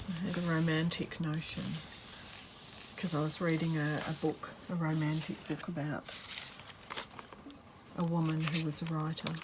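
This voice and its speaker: A woman's voice: deep voice, background noise. A woman chatting casually as she works on a craft journal, rambling and breaking off with fillers. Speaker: craft vlogger. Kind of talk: casual chat while crafting.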